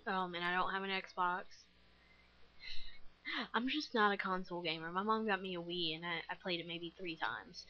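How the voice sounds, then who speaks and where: A woman's voice: lowish voice, steady tone, moderate pace, highs cut off. A nineteen-year-old woman chatting casually while playing a game, rambling with many fillers and self-deprecating giggles. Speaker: gaming vlogger. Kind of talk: casual gameplay commentary.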